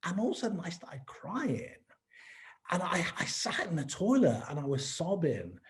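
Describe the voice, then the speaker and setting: A man from England, hosting an interview and reflecting haltingly with many restarts. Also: fairly high pitch, huge pitch swings. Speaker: podcast host. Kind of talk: interview conversation.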